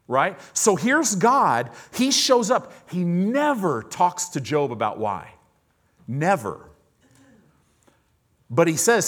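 A man preaching a sermon in a church, moving between loud, emphatic lines and hushed, low-voiced ones. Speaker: pastor.

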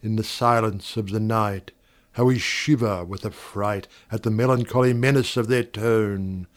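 A man recites verse in a slow, deliberate cadence, letting repeated words swell and fall. His voice is smooth and resonant, with a theatrical, dramatic delivery. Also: lowish voice, steady tone. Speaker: poetry reader.

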